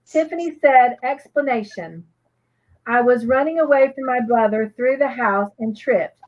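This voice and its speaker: A woman's voice: sits high, a little slow, dull audio. A woman co-hosting a live crochet show, chatting casually and reading viewers' comments aloud with gushing reactions.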